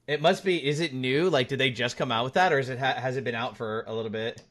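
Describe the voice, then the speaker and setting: A man's voice: mid-range voice, fast talker, fairly bright tone. Guy streaming a game, chill chat, thanks viewers, jokes with his buddies. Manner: thanks viewers and teases friends in banter. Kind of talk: casual live-stream chat while gaming.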